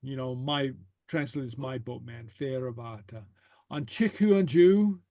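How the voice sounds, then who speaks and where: A man's voice: mid-range voice, a little slow, a crowd in the background. A man teaching a language class, patiently saying phrases and translating them line by line. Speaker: Gaelic teacher.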